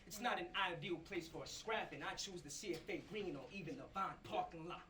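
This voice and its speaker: A man's voice: high voice, fairly quick. A man performing boastful, aggressive battle rap verses to a live crowd in an upper-floor campus venue. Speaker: battle rapper. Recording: distant mic with loud crowd.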